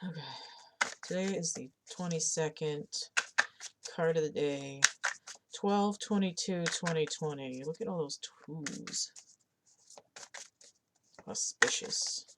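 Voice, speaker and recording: A woman's voice: low voice, a little slow. A woman doing a casual card-of-the-day tarot reading, chatting and thinking aloud as she shuffles and looks at the cards. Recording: audible background noise.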